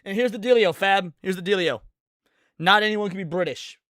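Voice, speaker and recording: High-voiced sarcastic male show host. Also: a little fast, a bit bright, no echo, studio quality. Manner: sarcastic, mocking asides; answers viewer chat questions. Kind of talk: casual political commentary chat.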